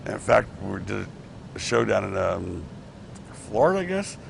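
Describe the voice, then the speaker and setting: A man's voice: fairly low pitch, very animated, normal speed, gravelly, slight background noise. A middle-aged man telling rambling backstage anecdotes in a casual interview, acting out what others said, on a clip-on mic. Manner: rambling anecdotes with restarts, acts out quotes. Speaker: former wrestling promoter.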